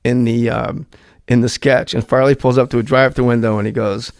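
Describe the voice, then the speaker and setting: A man's voice: brisk, smooth, no room sound, studio quality. A middle-aged man, a guest comedian, telling a story in casual chat and acting out the voices. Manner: animated, acts out voices with rising pitch.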